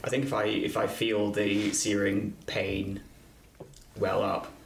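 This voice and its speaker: A man playing in a tabletop game, speaking in a measured way about his move, in an echoey room with background noise. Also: lowish voice, monotone, creaky. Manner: measured, then taunting in character. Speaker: player.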